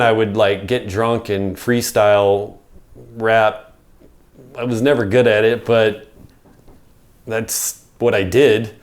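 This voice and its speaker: A middle-aged man with a fairly low voice, appearing as a podcast guest, rambles through a casual story packed with "like" and swearing.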